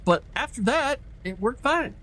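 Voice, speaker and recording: A man's voice: very high-pitched, lively intonation, measured pace, fairly bright tone. A man giving goofy, casual commentary while he streams a game. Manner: goofy, chatty. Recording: noisy background.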